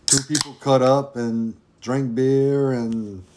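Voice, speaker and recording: Man co-host, mid-pitched, easygoing storyteller, slangy casual podcast talk. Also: fairly even intonation, slow, background noise. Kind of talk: casual chat.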